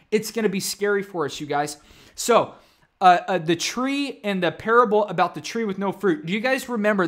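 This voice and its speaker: A man preaching a sermon in a fairly high voice. He teaches earnestly, circling back to his points and speaking straight to his listeners as "you guys". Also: fairly bright tone. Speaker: pastor.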